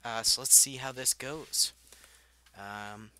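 A young man talks his way through a war game in a casual, chatty commentary. His voice is very bright and carries well. Faint battle sounds from the game sit softly underneath. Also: mid-range voice, steady tone, slow. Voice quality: chatty, reacts aloud, laughs at himself. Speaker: gaming channel host. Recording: faint game noise behind.

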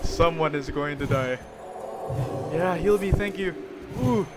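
High-voiced young man shouting over gameplay. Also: a little slow. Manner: shouts and laughs in wild swings of excitement. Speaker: gaming video host. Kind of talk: excited live gameplay commentary. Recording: game music playing behind.

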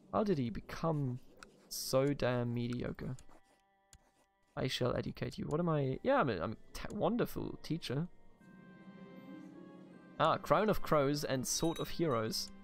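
A Bavarian man with a German accent and a medium-pitched voice with vocal fry hosts a let's play, casually commenting on a strategy game. He swears, laughs and talks to the game's characters.

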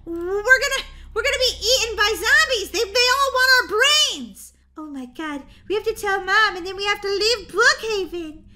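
A woman plays a dramatic cartoonish schoolgirl in a game role-play, high and bright, squealing and tripping over her words when frightened. The delivery stays goofy and breathless. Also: animated, normal speed, exaggerated voice. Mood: frantic. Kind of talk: Roblox role-play voice acting.

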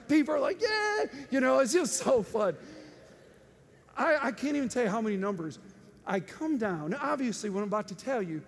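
High-voiced animated male preacher. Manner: animated, laughing storyteller with sudden loud outbursts. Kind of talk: storytelling sermon. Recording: faint noise and long hall reverb.

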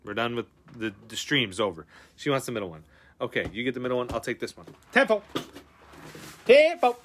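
Male stream host, excitable and slangy, bright forward tone, swings loud to hushed. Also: mid-range voice, fast talker, slight background noise. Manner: excitable, swings from loud outbursts to breathy mutters; slangy, says dude and bro a lot. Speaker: card-breaking stream host. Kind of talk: casual live-stream chat.

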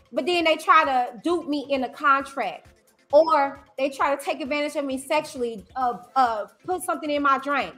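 High-pitched woman on a livestream, emphatic and lively, repeats herself, bright voice, faint music behind. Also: fairly quick. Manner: animated, emphatic, repeats phrases. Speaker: YouTuber host. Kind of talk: livestream commentary.

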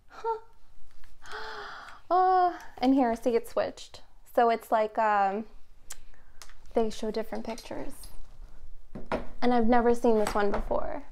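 Excitable, rambling tarot-reading woman. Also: fairly high pitch. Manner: excitable and rambling, many fillers. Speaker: tarot reader. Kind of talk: casual tarot reading to camera.

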